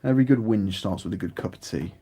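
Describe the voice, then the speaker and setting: A British man with a husky voice chats casually while painting miniatures, rambling and growing animated. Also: on the low side, fast. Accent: British English. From United Kingdom. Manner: rambling, chatty, grows animated.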